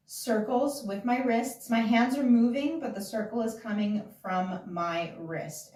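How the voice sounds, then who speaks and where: A woman's voice: medium pitch, darkish tone, distant mic. A woman teaching a casual dance class, counting beats aloud and explaining moves in a chatty, giggly way. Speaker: dance instructor. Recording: echoey room, voice from off-mic.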